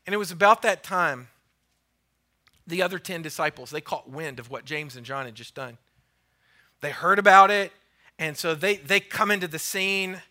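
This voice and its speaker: A male pastor preaching a sermon, retelling a story with lively voices for the characters and repeating phrases for emphasis. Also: a little high, moderate pace, pauses often. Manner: animated storytelling, acting out the voices of biblical figures.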